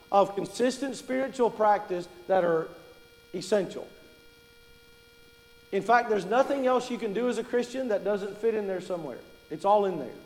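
High-voiced preacher in an echoey hall. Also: male voice, a little mellow. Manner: conversational, asks the congregation questions. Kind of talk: sermon. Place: church.

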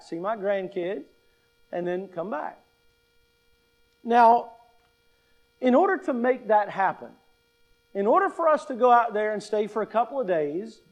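A middle-aged pastor preaching a sermon, deliberate and emphatic, repeating key phrases and posing rhetorical questions to his listeners. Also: sits high.

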